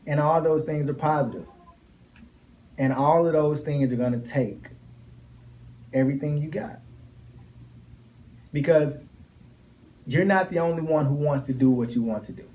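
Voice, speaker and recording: A man's voice: a little high, moderate pace, long pauses, dark tone. A young man giving a motivational speech to a class in a classroom, emphatic and repeating his key lines with rising intensity. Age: young adult. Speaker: motivational speaker.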